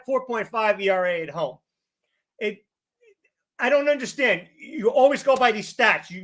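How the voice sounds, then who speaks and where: A man co-hosting a sports podcast, ranting angrily about baseball with profane, shouted bursts. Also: high voice. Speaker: podcast co-host. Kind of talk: heated sports rant.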